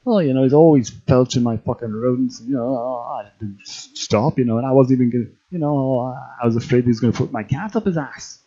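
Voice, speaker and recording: A man voicing a crude, rambling male cartoon rock musician who swears constantly and fills every pause with filler words. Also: medium pitch, warm tone, highs cut off, lightly acted. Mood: ranting. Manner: foul-mouthed, rambling, full of filler words. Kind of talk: cartoon parody voice acting.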